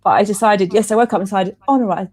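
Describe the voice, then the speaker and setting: A woman's voice: mid-range voice, very fast, darkish tone. A woman hosting an interview, talking in a chatty, encouraging way with many restarts. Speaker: host. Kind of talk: casual interview chat.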